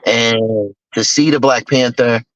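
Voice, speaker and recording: A man's voice: medium pitch, slow, dry recording. A middle-aged man telling personal stories in an emphatic, candid way, acting out other people's lines. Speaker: guest speaker, investor. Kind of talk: personal storytelling talk. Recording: dull lo-fi dry recording.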